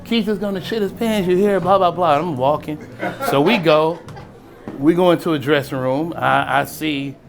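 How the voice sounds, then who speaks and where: A middle-aged man from East Oakland telling a personal story in a casual, animated way, acting out the voices of people he quotes and chuckling often. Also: a little high, moderate pace, vocal fry. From East Oakland, California. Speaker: storyteller and spirits brand founder.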